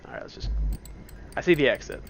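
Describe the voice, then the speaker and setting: A man playing a computer game in a dark room at home, with headphones on, talking through it in a playful, joking way. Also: fast, faint music behind. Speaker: let's play host. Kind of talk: casual gameplay commentary. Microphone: wearing headphones at the computer.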